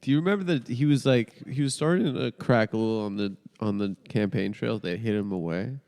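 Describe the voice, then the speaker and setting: Gravelly thirties dude cracking jokes on a podcast, voice rings out in a big echoey room. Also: male voice, lowish voice, brisk, a little mellow. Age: 30s. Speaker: podcast co-host. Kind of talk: casual comedy chat.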